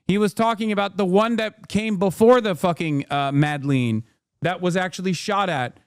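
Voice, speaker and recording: A man's voice: high voice, moderate pace, clear, resonant tone, no echo. Profane ranting male streamer, dry sound. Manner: animated, profane, rambling ranting. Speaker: streamer host. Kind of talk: casual reaction commentary.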